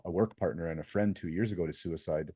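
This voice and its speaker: A man's voice: sits low, fast, dark tone, breathy edge, no echo. A middle-aged man co-hosting a podcast, easygoing and reflective in casual chat. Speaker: podcast co-host.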